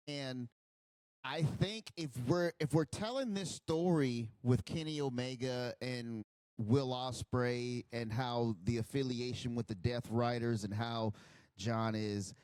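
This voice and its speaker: A man hosting a casual wrestling reaction video, excitable and profane, with quick outbursts. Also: mid-range voice, no room sound, clean studio sound.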